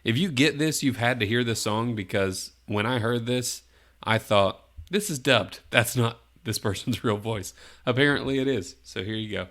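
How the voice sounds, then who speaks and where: A man's voice: medium pitch, moderate pace, fairly bright tone. A man hosting a casual movie podcast, running a guessing game and giving playful hints with frequent laughter. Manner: jokey, gives playful hints, laughs often. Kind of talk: casual chat.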